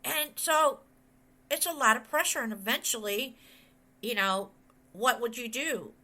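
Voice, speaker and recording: Bright-voiced woman preaching conversationally. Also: a little high, measured pace. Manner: rambling, animated, quotes others in voices. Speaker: pastor and author. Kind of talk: conversational sermon with storytelling.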